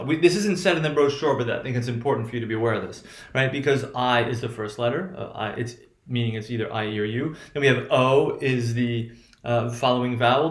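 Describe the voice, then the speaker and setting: A man teaching a pronunciation lesson in a halting way, with many restarts and a repeated "right?" tag. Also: mid-range voice, roomy sound. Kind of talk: recorded classroom lecture.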